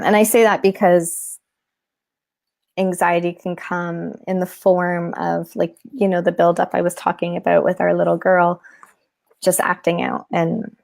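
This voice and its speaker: A woman guest who teaches mindfulness to children, explaining techniques in an animated way in a casual interview. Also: lowish voice, vocal fry. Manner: animated, demonstrates with props and breathing.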